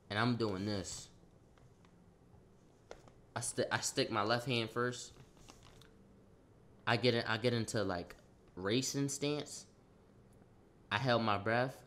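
A young man telling a wild personal story, excitable and profane, acting out a fight with loud sound effects and rambling restarts. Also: mid-range voice, slow pace, long pauses. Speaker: storyteller vlogger. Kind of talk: animated storytelling.

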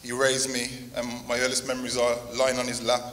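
Guy reading a eulogy, flat steady voice, sharp bright tone, long church reverb. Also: mid-range voice, brisk. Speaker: grandson giving a tribute. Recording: long hall reverb, faint noise.

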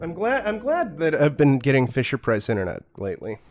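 A man's voice: mid-range voice, huge pitch swings, fairly quick, faint music behind. A man streaming a show with a friend, chatting casually and joking crudely, with asides that trail off into mutters. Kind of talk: casual watch-along chat.

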